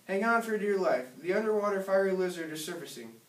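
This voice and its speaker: A man's voice: sits high, fast talker, pitched above the performer's own voice. A man voicing an eager young boy inventor who proudly shows off his secret rooms, reading a storybook aloud. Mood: excited. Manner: excited, announcing. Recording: echoey room, distant mic.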